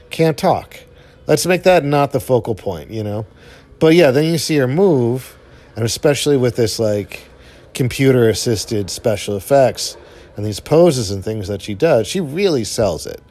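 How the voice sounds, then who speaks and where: A young man giving casual, rambling movie commentary while watching, full of fillers and offhand swearing, his voice jumping up when excited. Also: moderate pace. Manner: enthusiastic, pitch jumps up when excited. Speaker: film commentator.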